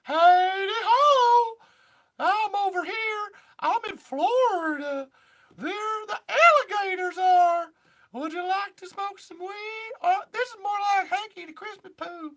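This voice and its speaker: A man putting on the voice of a giddy young man in Florida, in a shrieking falsetto full of exclamations. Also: slow pace, a bit bright, exaggerated voice.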